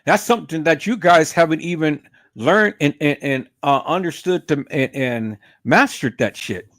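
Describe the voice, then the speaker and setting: A man's voice: on the high side, normal speed, fairly bright tone, no room sound, clean studio sound. A man ranting on a live stream, swearing heavily and stumbling over repeated words as he gets heated. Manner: profane, repeats words and restarts when worked up. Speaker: livestreamer.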